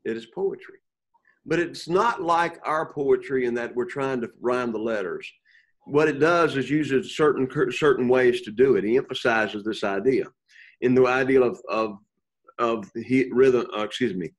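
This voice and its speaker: Man teaching a Bible class, halting. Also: medium pitch. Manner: halting, repeats words, checks in with 'okay?'. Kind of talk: classroom lecture with questions to students. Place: classroom with students.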